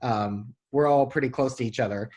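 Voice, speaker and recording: A man hosting a podcast, talking in a halting, enthusiastic way full of fillers. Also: mid-range voice, darkish tone. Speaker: podcast host. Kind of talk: casual interview chat.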